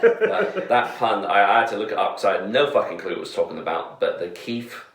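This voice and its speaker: Deep-voiced man with dry asides, far off-mic. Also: fast, fairly bright tone. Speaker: podcast co-host. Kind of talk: casual chat. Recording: echoey room, voice far from the mic.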